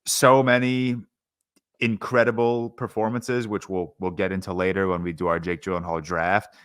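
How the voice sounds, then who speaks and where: A man's voice: low voice, level tone, moderate pace, fairly bright tone, smooth, no echo, clean studio sound. A young man co-hosting a podcast, chatting casually about a film with lots of fillers and restarts. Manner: rambling with many fillers and restarts. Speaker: podcast co-host, film reviewer. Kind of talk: casual movie review chat.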